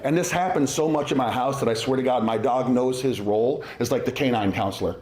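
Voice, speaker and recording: A middle-aged man performs a conversational, self-mocking stand-up set at a winery in front of a live audience, acting out silly voices. His mid-range voice runs a little fast with a darkish tone. The venue sounds roomy, and audience laughter comes through.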